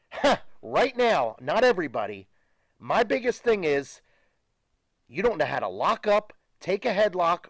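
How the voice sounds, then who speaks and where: Animated, ranting older man. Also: fairly high pitch, dry recording. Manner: emphatic, profane, ranting. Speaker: guest, retired pro wrestler. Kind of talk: animated studio interview. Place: studio.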